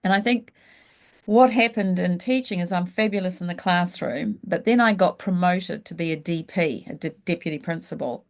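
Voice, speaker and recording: A middle-aged woman, telling her story frankly and reflectively as an interview guest. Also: fairly low pitch. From New Zealand. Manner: frank and reflective, slows down when thinking back. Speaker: guest, leadership coach. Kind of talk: candid storytelling in a casual interview.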